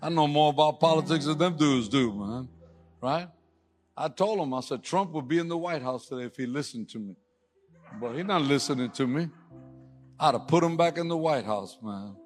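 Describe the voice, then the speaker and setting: A man preaching and praying, who jokes casually, says "man" a lot, then rises to loud, fervent prayer. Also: on the high side, lively intonation, moderate pace, faint music behind. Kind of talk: sermon and prayer.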